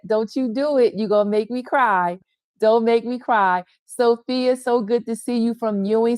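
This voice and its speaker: A woman's voice: on the high side, a little mellow, no room sound. A middle-aged woman leads a casual online women's gathering from her sun porch. She talks to viewers over a video call, greeting each by name with affectionate enthusiasm. The sound is dry, with little room around her voice. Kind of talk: casual welcome and chat with viewers.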